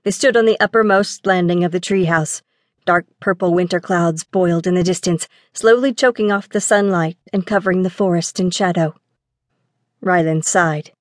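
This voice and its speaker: A woman narrating a children's adventure audiobook in a clear, measured storytelling manner. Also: fairly low pitch, steady tone, no echo, studio quality.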